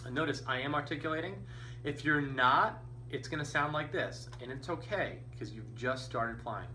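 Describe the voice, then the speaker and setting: A man's voice: on the high side, moderate pace, over loud music. A man teaching a beginner band lesson, patient and encouraging, counting beats aloud. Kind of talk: instrumental lesson. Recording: distant mic with faint noise.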